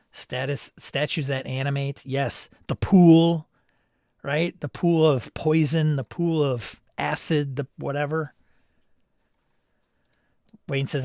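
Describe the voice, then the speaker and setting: A man with a mid-range voice hosts a live stream, chatting casually, reading viewer comments aloud and laughing often. The recording is dry and studio quality.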